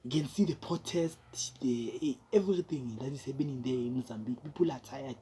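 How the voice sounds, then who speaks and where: A man's voice: mid-range voice, fairly quick, warm tone, slight background noise. A man with a South African accent giving casual, rambling commentary, restarting his sentences and mixing in local words.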